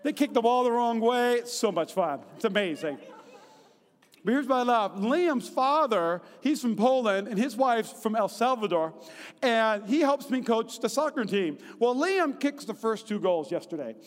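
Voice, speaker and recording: High-voiced preaching man in a reverberant hall. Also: normal speed. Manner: lively and conversational, often asking the congregation "right?". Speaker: pastor. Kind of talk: sermon. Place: church hall. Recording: long reverb of a large hall.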